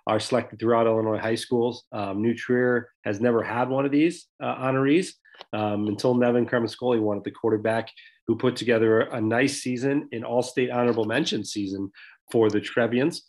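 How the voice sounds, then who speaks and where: A man's voice: mid-range voice, fairly even intonation, moderate pace, darkish tone. A man co-hosting a local sports podcast, talking in a loose, conversational way with many fillers. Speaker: podcast co-host. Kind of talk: casual sports podcast chat.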